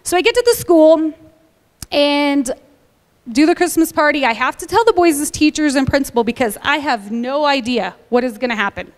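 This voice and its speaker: A woman in her thirties with a high, bright voice tells her personal story to a church congregation. She is a lively storyteller who acts out the dialogue, and her voice carries a long echo through a large church hall. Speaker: church member giving a testimony. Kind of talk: personal testimony told to a congregation.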